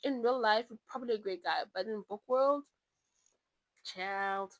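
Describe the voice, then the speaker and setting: A woman's voice: medium pitch, measured pace, no room sound, poor audio. A young woman from South Africa talks to the camera in a loose, chatty way, wandering into asides before finding her thread again. Her voice sits in an ordinary middle register and is recorded close and dry, with no room sound around it. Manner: chatty, rambling, animated asides. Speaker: book vlogger. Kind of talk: casual chat.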